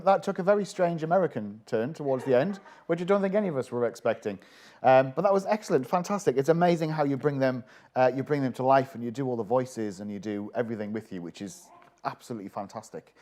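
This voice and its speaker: A man's voice: medium pitch, animated, quick pace, a little mellow. A man hosting a live online event, thanking a guest effusively with some "um"s. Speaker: event host.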